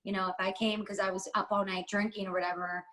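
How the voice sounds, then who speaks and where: A woman's voice: mid-range voice, level tone, quick pace, a bit bright, low-quality recording. A woman from the United States, a podcast guest, talking candidly in an interview with a heartfelt, rambling and emphatic manner.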